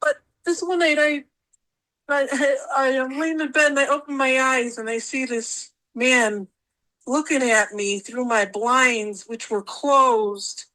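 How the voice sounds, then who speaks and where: A woman's voice: high-pitched, steady tone, slow, pushed and bright, poor audio. A woman guest telling her stories in a casual interview, rambling and repeating words as she acts out what she said.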